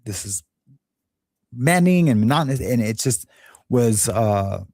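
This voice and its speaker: A man's voice: mid-range voice, animated, measured pace, darkish tone, no echo, clean studio sound. A man from Los Angeles hosting a show, telling a rambling, candid story in a casual monologue and laughing at his own jokes. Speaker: show host.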